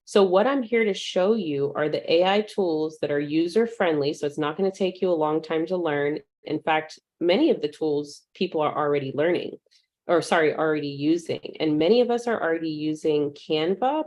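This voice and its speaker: A woman with a slightly low voice leads a live virtual class in a relaxed, upbeat way. She talks casually and is peppered with ums. She breaks off to welcome attendees by name. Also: moderate pace. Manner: uses fillers like um. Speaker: online course instructor.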